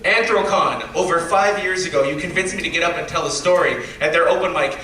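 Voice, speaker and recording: A man's voice: a little high, brisk. A man performing live stand-up at a convention, animatedly acting out the people in his story. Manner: animated, acts out other people's lines. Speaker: stand-up comedian. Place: convention panel room with a live audience. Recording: echoey room, distant mic, audience noise.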